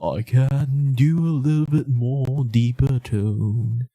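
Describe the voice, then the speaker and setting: A man with a mellow, medium-pitched voice makes rambling small talk on a live art stream. He half-sings as he goes, stretching his words out slowly, and the recording has no room sound.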